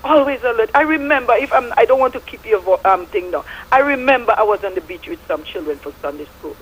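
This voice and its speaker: A woman's voice: on the high side, expressive, fast, husky, poor audio. A middle-aged woman with a Statian Caribbean English accent, calling in to a radio show and giving fervent, preachy testimony with biblical references. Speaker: radio caller. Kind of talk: impassioned call-in testimony.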